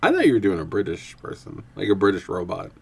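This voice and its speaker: A woman's voice: a bass voice, wildly swooping pitch, quick pace, a crowd in the background. A woman co-hosting a podcast in casual chat, sarcastic and full of dry jokes. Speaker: podcast co-host.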